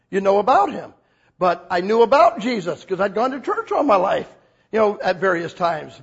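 A man preaching a sermon as a pastor, telling stories with lively acted-out quotes. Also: slightly rough, dull audio. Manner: animated storytelling, acts out quotes with big pitch jumps.

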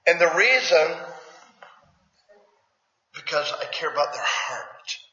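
A man's voice: on the high side, lively intonation, takes it slowly, pushed and bright. A man preaching a sermon in a plainspoken, conversational way, asking his congregation questions. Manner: plainspoken, folksy. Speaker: pastor. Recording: echoey hall, dull lo-fi sound.

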